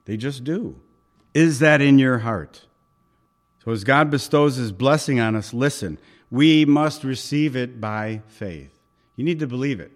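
A male pastor preaching a sermon at an evening church service, emphatic and repeating key phrases, with occasional chuckles. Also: mid-range voice.

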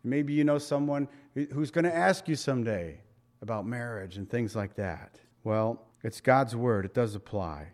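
A man's voice: mid-range voice, unhurried, darkish tone. Folksy joking male pastor preaching. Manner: folksy, joking asides with chuckles. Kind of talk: sermon.

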